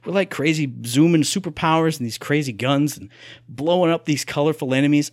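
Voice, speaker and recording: A young man co-hosting a casual gaming podcast, talking in an animated, playful way. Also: on the high side, fairly quick, dry recording, clean studio sound. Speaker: podcast co-host.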